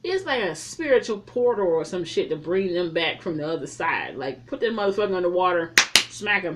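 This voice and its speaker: A woman recapping a movie in a casual, blunt and profane way, telling it as a lively story. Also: lowish voice, fairly quick, background noise. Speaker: movie reviewer.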